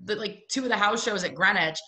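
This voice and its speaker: A woman's voice: mid-range voice, a little fast, pushed and bright, poor audio. A young woman, a comedian, rambling through a story in casual chat.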